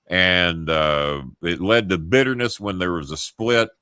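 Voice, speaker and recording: A man's voice: low voice, a little slow, bright, forceful tone, smooth, no room sound, clean studio sound. A middle-aged man hosting a talk show, telling a story in a rambling, profane, self-interrupting way. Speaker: host. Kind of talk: casual storytelling.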